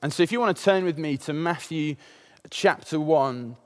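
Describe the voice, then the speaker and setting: A man's voice: on the high side, normal speed. A man in his thirties preaching a sermon, opening with a personal story in a conversational way and many filler sounds.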